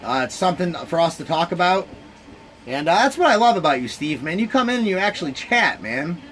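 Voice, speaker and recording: A man's voice: on the high side, sing-song, a little fast, fairly bright tone, slight background noise. A man with a slightly raised voice hosts a casual live reaction stream for a sports game. He talks in a loose, rambling way, addressing his chat directly. He sounds tired, yawning between thoughts. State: sleepy, yawning.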